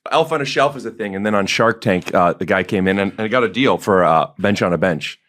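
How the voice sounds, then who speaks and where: A man guest on a comedy podcast, deadpan and crude in casual banter. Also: lowish voice, brisk. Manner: deadpan jokes, crude yelled bits.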